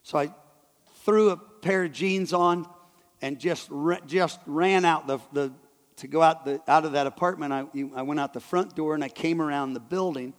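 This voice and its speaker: High-voiced preacher in an echoing hall. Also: male voice. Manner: halting, repeats and restarts words. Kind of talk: sermon storytelling. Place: church hall. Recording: long hall reverb.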